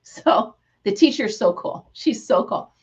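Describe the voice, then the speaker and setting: A woman's voice: mid-range voice, a little slow, slightly rough. A middle-aged woman hosting a casual craft livestream, telling stories with animation and greeting viewers by name. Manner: animated storyteller, reads out viewer names. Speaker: livestream host.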